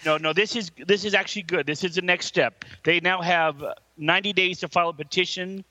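A man's voice: high-pitched, fairly even intonation, a little fast, sharp tone, dry recording, muffled recording. A man co-hosting a comedy podcast, delivering news items emphatically and swearing freely. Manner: emphatic, swears when annoyed. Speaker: podcast co-host reading breaking news. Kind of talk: casual comedy podcast chat.

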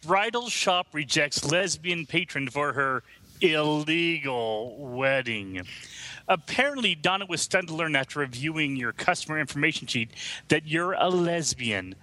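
A man's voice: on the high side, expressive, measured pace, pushed and bright. A man on a comedy podcast panel, reading a news story aloud with wry, sarcastic asides.

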